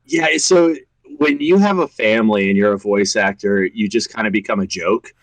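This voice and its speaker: A man's voice: lowish voice, normal speed, no room sound, rough recording. A man in his thirties, a guest voice actor chatting earnestly on a podcast and laughing easily. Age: 30s. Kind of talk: casual podcast chat.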